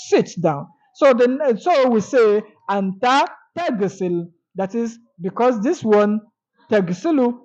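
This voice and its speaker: A woman teaching an Arabic grammar lesson, repeating each example slowly and then translating it. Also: mid-range voice, darkish tone, muffled recording.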